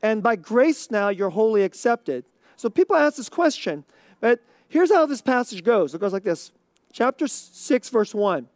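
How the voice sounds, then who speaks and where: Pastor giving a sermon; measured delivery that leans hard on key words; dry, close sound. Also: mid-range voice, very animated, a little mellow, no room sound. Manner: slow, deliberate emphasis on key words.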